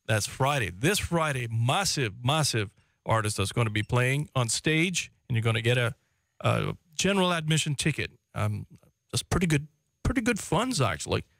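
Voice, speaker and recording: A man's voice: mid-range voice, fairly bright tone, no room sound, studio quality. A man hosting a talk radio show, easygoing and joking as he moves into a live ad read.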